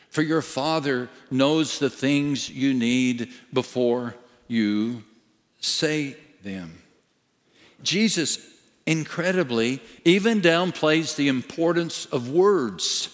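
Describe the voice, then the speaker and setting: A male pastor preaching a sermon slowly and emphatically, dropping to a hush at times. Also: on the high side, lively intonation. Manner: slow, emphatic preaching with dramatic dips to a hush. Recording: long reverb of a large hall.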